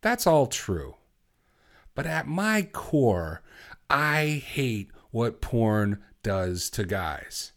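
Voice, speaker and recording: A man hosting a solo podcast, talking bluntly and exhorting his listeners, moving from quiet reflection to fervent conviction. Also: medium pitch, big pitch swings, very slow. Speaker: podcast host. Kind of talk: impassioned solo podcast talk.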